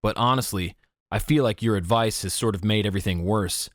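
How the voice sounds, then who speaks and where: A man's voice: fairly low pitch, fairly quick, dry recording, studio quality, lightly acted. A man voicing an anxious, unsure teenage boy in an audiobook, speaking hesitantly. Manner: hesitant, confiding.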